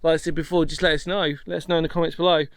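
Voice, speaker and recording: A man's voice: a little high, level tone, very fast, no echo. A man chatting casually as a history vlog presenter on a coastal path outdoors, rambling and self-deprecating with lots of fillers.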